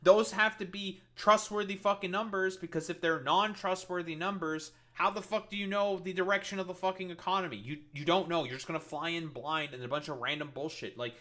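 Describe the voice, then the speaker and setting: Male commentator, high-ish bright voice, profane and exasperated, reacting on stream. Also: fairly even intonation, brisk, few pauses.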